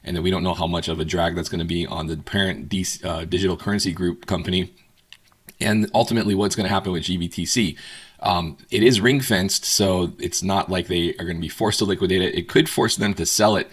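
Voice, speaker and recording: A man's voice: low voice, fairly quick, husky. A man co-hosting a market show, talking casually with many fillers. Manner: relaxed, many fillers like um and you know. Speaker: co-host.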